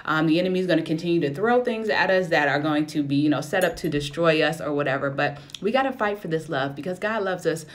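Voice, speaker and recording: A woman's voice: deep voice, quick pace, few pauses. A woman in her thirties hosting a live stream as a self-love coach, preaching, encouraging and greeting viewers by name. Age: 30s.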